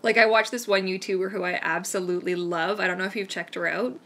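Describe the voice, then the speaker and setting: A woman's voice: fairly low pitch, steady tone, fast, bright, forceful tone. A Canadian woman hosting a live-stream Q&A, chatting in a rambling, enthusiastic way. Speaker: mermaid vlogger hosting a live Q&A. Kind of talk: casual live-stream chat.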